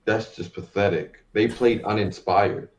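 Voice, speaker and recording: A man's voice: lowish voice, steady tone, measured pace. A man co-hosting a post-game sports talk show, grumbling and fed up with his team. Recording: dull lo-fi sound.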